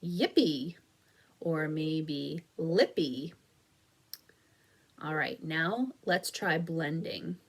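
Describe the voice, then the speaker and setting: An elementary school teacher with a low, steady voice leads a phonics lesson video for young children, speaking extremely slowly with long pauses. She is patient and encouraging, sounding out and stretching each word with care so the early reading lesson stays clear.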